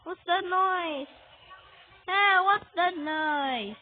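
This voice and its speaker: A woman's voice: extremely high pitch, drawn-out words. A woman chatting casually while playing a game, asking short questions over and over and yelping when scared. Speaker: gamer playing with a friend. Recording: tinny phone-like audio with faint hiss.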